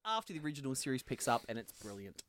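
A male podcast co-host in loose, jokey banter. His pitch swings widely as he rambles. His sentences often sink and fade at the end. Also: very animated, very fast, a bit bright. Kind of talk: casual banter.

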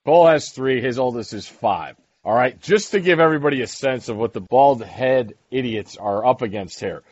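A man's voice: mid-range voice, a little mellow, breathy edge, no room sound, dull audio. A man co-hosting a casual podcast chat, teasing and rattling off tips. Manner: teasing, gives rapid tips. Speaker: podcast co-host.

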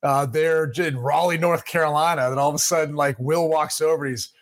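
A man co-hosting a sports podcast in casual chat, relaxed and joking, sometimes slipping into mock voices. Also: fairly high pitch, a little fast. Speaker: podcast co-host.

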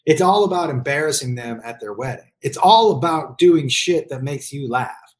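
Middle-aged parent with mid-range pitch, blunt and foul-mouthed, riffing in a comedic rant. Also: lively intonation, normal speed. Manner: blunt, profane, emphatic. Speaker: parent giving advice.

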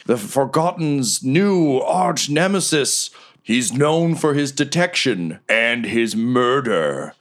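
A man's voice: mid-range voice, big pitch swings, slow, pitched above the performer's own voice. A man voicing a grandiose male fight-night announcer hyping the crowd. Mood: showboating.

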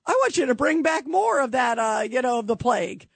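A woman hosting a call-in radio show, talking in an animated way and acting out mocking quotes. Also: sits high, a little fast, vocal fry, slightly rough, no echo. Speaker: talk radio host.

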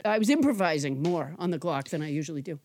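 A woman's voice: deep voice, animated, fast talker, darkish tone. A woman hosting a comedy podcast, playfully singing and rhyming silly word definitions and bantering with her co-host. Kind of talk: casual comedy podcast chat.

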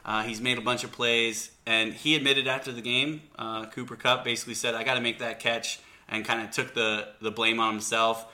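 A man co-hosting a sports podcast, telling stories in an animated, casual way. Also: mid-range voice, a little fast, few pauses. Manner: animated storyteller. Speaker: podcast co-host.

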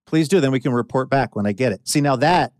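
A man's voice: mid-range voice, quick pace, no room sound, clean studio sound. A man hosting a radio show in casual chat, friendly and conversational as he guides the segment.

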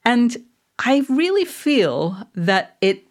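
A woman's voice: fairly high pitch, sing-song, slow. A middle-aged woman from Manchester with a mid-Atlantic accent, co-hosting a podcast in casual, reflective chat. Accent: mid-Atlantic English. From England, Manchester. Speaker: podcast co-host.

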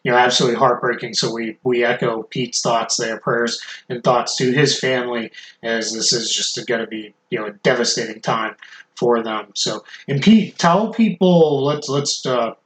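A man hosting a casual podcast chat, eager and quick to plug his work, with frequent restarts and a case of the hiccups. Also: mid-range voice, a bit bright, roomy sound, low-quality recording. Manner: eager, self-promoting, many restarts. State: has the hiccups. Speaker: podcast host.

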